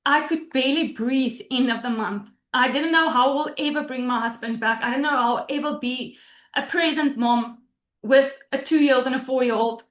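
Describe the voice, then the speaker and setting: A woman's voice: sits high, fairly bright tone, reverberant. A woman giving a heartfelt, emotional testimonial on a video call webinar, close to tears and often restarting her sentences. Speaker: guest sharing a testimonial.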